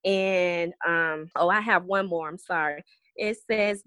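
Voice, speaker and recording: A woman's voice: fairly low pitch, a little slow, fairly bright tone, clear, resonant tone, no echo. A woman in her thirties, a special education teacher, speaking earnestly and reflectively as an interview guest. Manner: earnest, reflective, reads letters aloud. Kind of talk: heartfelt interview talk.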